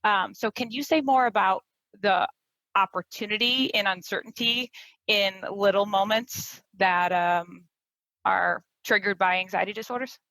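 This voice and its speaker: A woman hosting a podcast, asking a guest questions in a measured way with "um" pauses. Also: medium pitch, bright, forceful tone, no room sound, rough recording. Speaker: podcast host. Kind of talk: interview questions.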